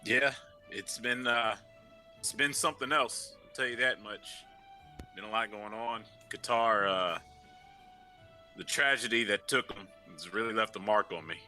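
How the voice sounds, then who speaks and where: Young dude playing tabletop, bright voice, goofy and chill. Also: male voice, lowish voice, measured pace. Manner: joking, laid-back banter. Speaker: player. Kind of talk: tabletop role-play. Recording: faint music behind voice.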